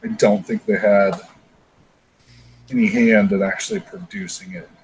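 A man's voice: lowish voice, sing-song, unhurried, creaky, darkish tone, a little hiss or hum, low-quality recording. A man hosting a podcast, chatting casually and ranting with frequent swearing. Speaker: podcast host. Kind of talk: casual chat.

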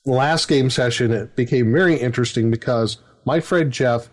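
A man's voice: medium pitch, normal speed. A middle-aged man, a dungeon master, telling a story in casual chat, rambling with fillers and chuckles. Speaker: dungeon master, podcast host.

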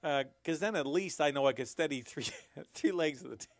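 A man's voice: a little high, brisk, dry recording. A man hosting his own commentary, sarcastic and rambling, chuckling at his own jokes. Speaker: commentary host. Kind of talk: casual commentary to camera.

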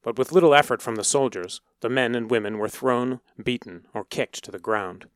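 A man narrating a story in a steady, measured reading voice. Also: mid-range voice, no room sound, studio quality.

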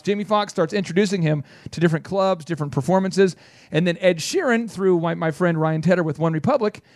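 High-voiced, lively radio host. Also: male voice, no echo, studio quality. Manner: energetic storyteller who acts out quotes in quick bursts. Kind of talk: animated storytelling on a business radio show.

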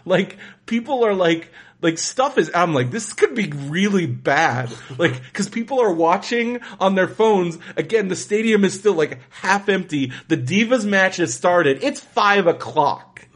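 A man with a slightly high voice tells a long story in relaxed podcast chat. He rambles with excitement, restarting sentences and slipping into quoted asides as he goes. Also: unhurried, few pauses.

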